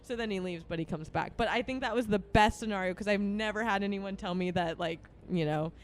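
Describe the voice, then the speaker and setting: A woman's voice: medium pitch, a little fast. A young woman in her twenties co-hosting a podcast, telling a story in casual chat, laughing often and acting out what people said. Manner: animated, laughs often, acts out quotes. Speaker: podcast co-host.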